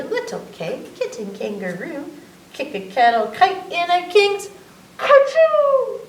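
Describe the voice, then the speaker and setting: A woman reading an alphabet book aloud at children's story time, teacherly and lively, drawing out each letter sound. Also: on the high side. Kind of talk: slow, sing-song children's story time. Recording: echoey room, mic at a distance, faint background hum.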